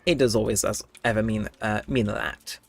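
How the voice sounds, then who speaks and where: A man's voice: lowish voice, steady tone, normal speed, gravelly. A young man with a cold coming on, livestreaming a game and rambling casually to his chat while laughing often. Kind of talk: casual live-stream chat while gaming.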